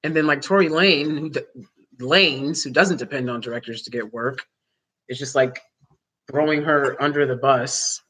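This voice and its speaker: A woman hosting a vlog, giving casual opinion commentary in a rambling way, full of fillers and quick laughs. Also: very deep voice, a bit bright, breathy edge. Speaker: vlog host.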